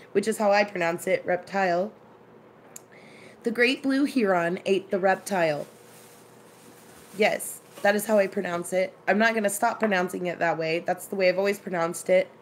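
A chatty woman hosting a relaxed live stream from her kitchen, greeting viewers and telling stories in an easy, conversational way. Her voice sits in a middle register, with a faint hum of room noise behind her. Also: mid-range voice, a little fast, few pauses. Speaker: live-stream cooking host. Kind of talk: casual live-stream chat.

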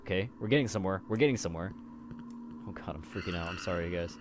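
A man's voice: deep voice, fast talker, very noisy. A young man commentating a horror game, jumpy and swearing when scared. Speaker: gameplay commentator.

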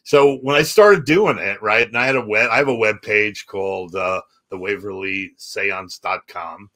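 A man talks in a low-pitched voice with a bright, forceful edge. He is a comedian guest on a podcast, telling stories animatedly and acting out other people's lines as he goes. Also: normal speed. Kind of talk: storytelling in a podcast chat.

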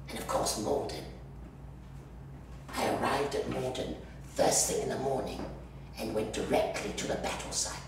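A history-obsessed hospital orderly, played by a man, confiding in the audience with a gravelly, lively voice that rises and falls. He is heard from a distance on a very echoey stage with noise behind. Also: mid-range voice. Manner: wry, confiding storyteller. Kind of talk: solo stage play.

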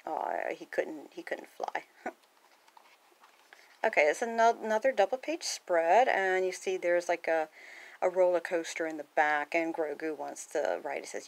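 Unhurried and somewhat low-voiced, a woman reads a picture book aloud casually, with chatty commentary, frequent laughs and gasps, and animated character lines between pages.

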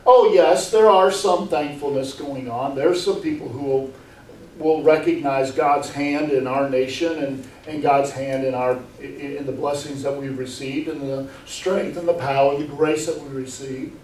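A man's voice: medium pitch, level tone, moderate pace, darkish tone, a little hiss or hum. A man preaching a sermon as pastor, earnest and full of rhetorical questions, often repeating words as he goes. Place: church sanctuary. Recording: echoey room, mic far off.

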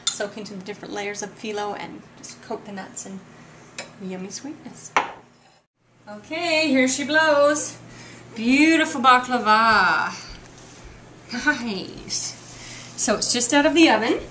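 A woman's voice: medium pitch, background noise. Chatty woman cooking at home. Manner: chatty and enthusiastic. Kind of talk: casual cooking demonstration. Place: home kitchen.

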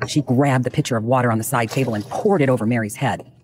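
A man's voice: mid-range voice, noisy background. Man narrating a dramatic true crime tale. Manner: measured, dramatic storytelling.

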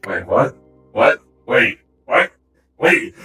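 A man roleplaying in a game voice chat, jumpy and prone to startled shouts. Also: low voice, animated, very slow, creaky, long pauses, reverberant, recorded from a distance, soft background music.

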